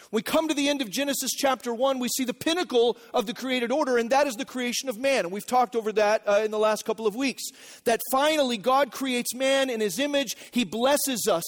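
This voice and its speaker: A male pastor preaching a sermon in an earnest teaching manner, repeating key phrases and checking that the congregation follows. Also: very high-pitched.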